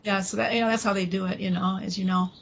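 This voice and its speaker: A woman recounting a personal experience in an interview, talking haltingly with restarts and quoting dialogue, with faint noise behind her. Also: mid-range voice, fairly even intonation, creaky, highs cut off.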